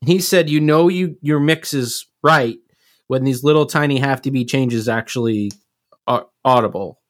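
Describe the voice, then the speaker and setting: A man's voice: mid-range voice, normal speed, no echo. Cohost guy talking earnestly, kinda reflective, swears a bit, mid voice, dry sound. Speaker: podcast co-host, live sound engineer. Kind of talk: casual chat.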